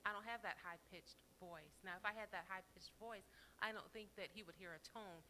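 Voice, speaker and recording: Congregant woman at a church gathering, frank and plain-spoken, bright tone. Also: medium pitch, moderate pace, a little hiss or hum, poor audio. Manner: frank, matter-of-fact about her own voice. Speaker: congregant speaking at the front. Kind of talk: testimony in a church session.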